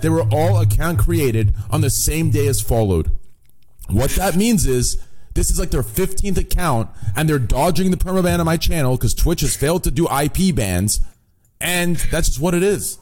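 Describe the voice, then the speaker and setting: A man's voice: on the high side, lively intonation, normal speed, a little mellow. A man and streamer talking insistently and reassuringly in a casual group voice call, swearing often.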